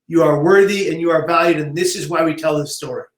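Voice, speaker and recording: A man, guest on a live-streamed interview, telling his story in an emotional, animated way. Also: on the high side, fast talker, roomy sound. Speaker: guest, suicide prevention advocate.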